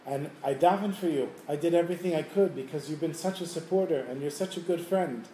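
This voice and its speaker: A wise elderly Rebbe, as a man puts him on, calmly lays out his reasons. The voice is mellow and a bit high. The room echoes around it. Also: brisk, a little hiss or hum, lightly acted. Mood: explaining. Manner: calm explaining. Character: wise elderly male Hasidic Rebbe, calm. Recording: roomy room, faint ambience.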